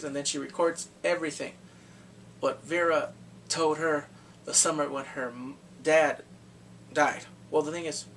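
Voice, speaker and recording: A man with a fairly high voice retells a movie's plot in a loose, rambling, excitable way, dropping blunt crude slang as he goes. He sits back from the microphone. A faint background noise runs under his talk. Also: distant mic. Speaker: movie reviewer. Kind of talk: casual spoken movie recap.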